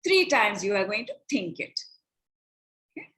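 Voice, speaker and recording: A woman, leading a spiritual money coaching call, chanting affirmations and breath cues in slow repetitions. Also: medium pitch, very animated, pushed and bright. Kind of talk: guided affirmation session on a call.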